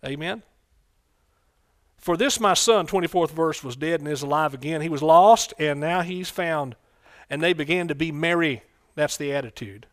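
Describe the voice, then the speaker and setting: A man preaching a folksy sermon in church, breaking into loud excited bursts. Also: fairly high pitch, normal speed, dry recording, studio quality. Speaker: pastor.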